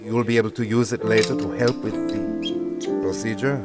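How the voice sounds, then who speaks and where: A man's voice: lowish voice, fairly even intonation, normal speed, close to an everyday voice. An actor playing a troubled man in a game, speaking hesitantly and wearily about his problems. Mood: weary. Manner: hesitant, weary. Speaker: game character, troubled client. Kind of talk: game voice acting. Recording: game audio with music.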